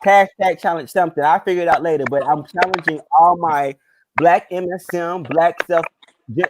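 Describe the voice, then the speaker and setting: A man's voice: on the high side, steady tone, normal speed, background noise. Rambling man hosting a chat show. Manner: loose, rambling, many ums. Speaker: podcast host. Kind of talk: casual chat.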